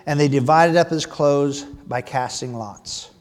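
A man preaching a sermon, animated, rising loud on emphasis and dropping to hushed asides. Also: on the high side, measured pace. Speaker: pastor.

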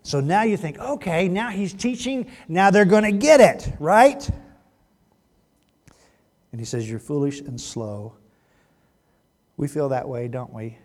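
A male pastor preaching a sermon, reading scripture aloud and acting out its people in animated bursts. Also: sits high, unhurried, long pauses, long reverb tail.

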